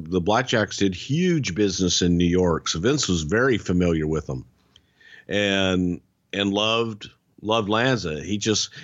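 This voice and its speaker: A man with a lowish voice, a former wrestling executive, answers in a blunt and measured way, with the odd curse. The recording sounds dull and lo-fi, and it is close and dry. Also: no room sound. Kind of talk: casual podcast chat.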